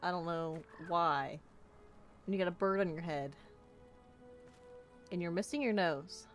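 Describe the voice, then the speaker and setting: A woman's voice: lowish voice, a little slow, faint music behind. A woman streamer giving playful gaming commentary, bubbly and jokey, chatting to the characters on screen. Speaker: let's play streamer.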